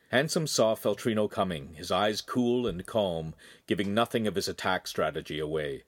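A man's voice: deep voice, moderate pace, no room sound, studio quality. A man reading a young adult novel aloud as the narrator, telling an action scene vividly. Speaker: audiobook narrator. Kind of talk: scripted narration.

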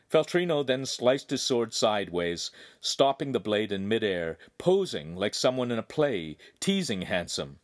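Man, audiobook narrator, lively pitch, dry close recording, vivid storytelling. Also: dry recording. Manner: vivid storytelling of an action scene. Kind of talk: scripted narration.

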